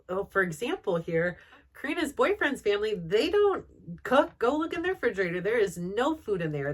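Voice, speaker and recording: A middle-aged woman talks straight to her audience as a mom vlogger, voice sitting at an ordinary middle pitch. She rambles from story to story, stuffing her talk with fillers and acting out what everyone said. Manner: chatty and rambling, full of "like" and quoted dialogue. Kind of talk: casual chat.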